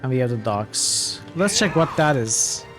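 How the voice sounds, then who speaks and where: A man streaming a fantasy role-playing game from home, voicing the on-screen dialogue in a mid-range voice. He mixes reading with quick joking asides. Faint game music plays behind him. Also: mid-range voice, lively intonation, a bit bright. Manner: reads dialogue out, jokey asides. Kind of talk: casual let's-play commentary, reading game dialogue aloud.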